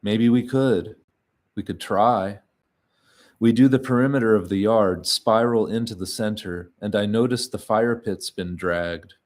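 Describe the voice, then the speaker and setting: A man reads first-person literary fiction in a deep, low voice. He takes his time, leaving pauses between short phrases and keeping the delivery quiet and even. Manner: slow, measured, quiet delivery with frequent pauses.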